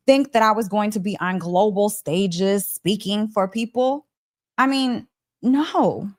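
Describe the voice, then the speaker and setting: A young adult woman telling a personal story to camera in a casual vlog, animated and laughing often. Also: mid-range voice. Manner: animated, laughs often, acts out quoted voices. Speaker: vlogger.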